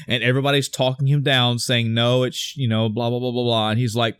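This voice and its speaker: A man's voice: mid-range voice, fairly even intonation, a little fast, hardly any pauses, clear, resonant tone, no room sound. A man in casual chat, animatedly recapping a film scene by scene and acting out characters' lines with plenty of cursing. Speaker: podcast co-host recapping a film.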